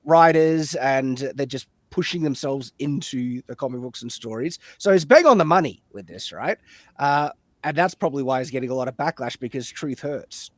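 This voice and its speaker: A man speaking as a guest on a casual panel talk, animated and questioning. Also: medium pitch, moderate pace, dry recording, studio quality.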